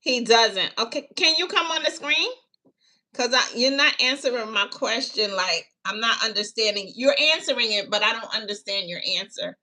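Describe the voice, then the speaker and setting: A woman with a slightly high, animated, sharp voice speaks at a moderate pace while doing a casual tarot reading on a live stream. Taking live questions, she chats unhurriedly with viewers and calls them baby and honey.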